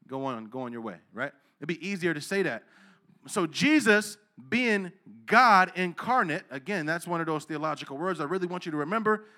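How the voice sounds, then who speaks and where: A man preaching a sermon in a casual, slangy way, asking the listeners questions and swinging between low asides and loud, emphatic preaching. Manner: casual street slang, asks the crowd questions.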